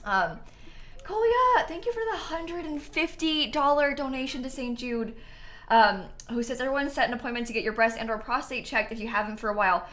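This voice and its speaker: A young woman chatting casually on a live stream, excitable and quick to laugh and squeal as she plays and thanks donors. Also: on the high side.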